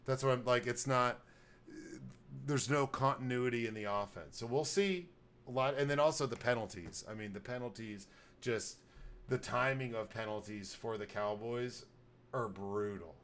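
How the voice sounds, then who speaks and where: A man's voice: mid-range voice, moderate pace, fairly bright tone. A man hosting a podcast, giving blunt, profane, rambling football takes in casual sports talk. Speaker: podcast host.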